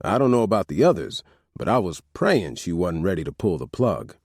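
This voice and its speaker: Expressive male audiobook narrator. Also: low voice, fairly quick, husky, dry recording, clean studio sound. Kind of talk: first-person audiobook narration.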